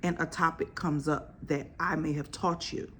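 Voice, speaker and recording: A woman's voice: deep voice, fairly even intonation, moderate pace, background noise. A woman doctor, talking bluntly and emphatically in casual slang to her podcast audience. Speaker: OB-GYN physician and podcast host. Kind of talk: casual podcast talk on health.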